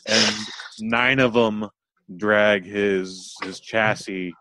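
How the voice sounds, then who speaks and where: Man, co-host, lowish voice, laid-back, fills in plot points and trivia. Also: drawn-out words, heavy background noise. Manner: relaxed, adds plot details and film trivia. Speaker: podcast co-host. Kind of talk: casual chat.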